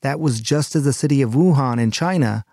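A man hosting a news podcast, reading a scripted narration in a calm, measured, earnest way. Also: medium pitch, slight background noise. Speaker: medical correspondent and podcast host.

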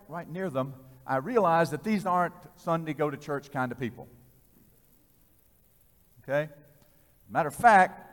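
Male preacher, storytelling sermon, swings from loud to hushed, reverberant hall. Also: on the high side.

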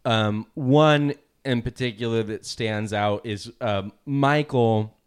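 A man co-hosting a podcast in casual chat, laughing often and pausing with fillers. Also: mid-range voice, smooth. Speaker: podcast co-host.

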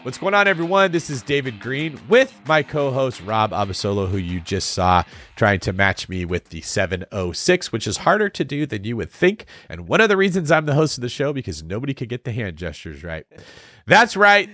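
A man hosting a podcast, energetic and playful, with a hype-filled delivery. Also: mid-range voice, a little fast, hardly any pauses, dry recording. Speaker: podcast host. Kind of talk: lively podcast chat.

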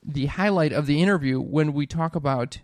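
A man's voice: a little high, fairly quick, no echo. A young man co-hosting a comedy podcast with his mother, upbeat and often stumbling over his words. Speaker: podcast co-host. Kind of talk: casual chat.

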